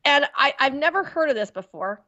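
A woman co-hosting a racing podcast over a video call, talking in a bubbly, quick way with lots of "like.". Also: high-pitched, lively intonation, pushed and bright, dull audio. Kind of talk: casual chat.

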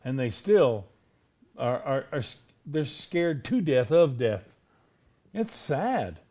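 A man preaching a sermon, emphatic, asking rhetorical questions and slowing down hard on key words. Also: medium pitch, very animated, dark tone. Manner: emphatic, rhetorical questions, drawn-out slow stresses.

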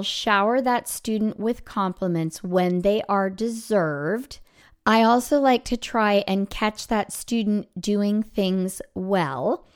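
A woman's voice: mid-range voice, clean tone. A middle-aged woman hosting a podcast for music teachers, giving casual advice and acting out what she says to students. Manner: chatty, acts out classroom quotes.

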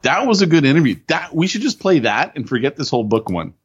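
A man's voice: mid-range voice, very animated, fast talker, slightly rough, highs cut off. A man co-hosting a podcast over a remote call, bantering and mocking himself. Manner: teasing, self-mocking banter. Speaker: podcast co-host. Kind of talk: casual podcast chat.

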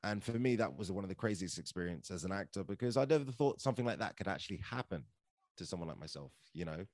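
A man's voice: low voice, fast, no echo. Chatty man telling stories. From London, England. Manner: chatty, animated, filler-heavy with "like" and "right?". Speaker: podcast guest, actor and comedian. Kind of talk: casual storytelling.

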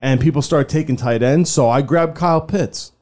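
Dark-voiced man, loose and profane. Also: a little high, normal speed. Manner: loose, profane, laughs often. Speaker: podcast co-host. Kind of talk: casual sports podcast chat.

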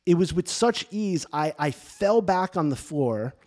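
A middle-aged man, a priest, telling a personal faith story in casual, animated talk with many restarts and fillers. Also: fairly high pitch, a little slow. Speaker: priest and podcast host. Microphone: camera and mic for video podcast.

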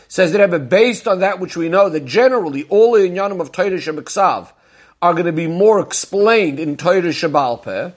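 A man's voice: high-pitched, expressive, moderate pace. A man teaching as a Torah teacher, explaining a Talmudic discourse in a methodical way, posing questions and then answering them, and retelling stories step by step.

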